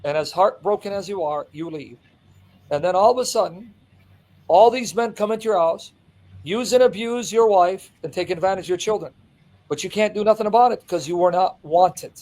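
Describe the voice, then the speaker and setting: A man's voice: sits high, moderate pace, a little mellow, low-quality recording. A man teaching from the Bible with impassioned emphasis, reading scripture aloud and explaining it point by point. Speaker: Christian apologist.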